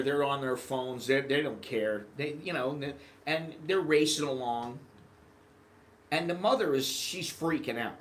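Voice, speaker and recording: A man from the United States telling rambling, animated anecdotes in a casual vlog monologue. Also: mid-range voice, a little hiss or hum. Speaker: vlogger.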